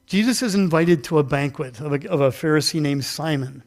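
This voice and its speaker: Speaking a little fast in a fairly high voice, a pastor gives a loose, interactive sermon in a church sanctuary. He chats with the congregation, jokes about his own mix-ups, and has volunteers help him act out the story.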